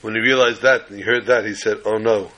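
A man teaching a class over a video call, telling a story slowly and adding corny jokes. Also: on the low side, fairly even intonation, bright, forceful tone, rough recording.

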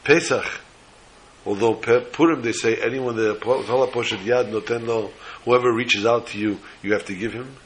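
A man's voice: mid-range voice, moderate pace, a little hiss or hum, low-quality recording. A man telling a religious story as a sermon, acting out the characters' voices with feeling. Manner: animated storyteller voicing characters.

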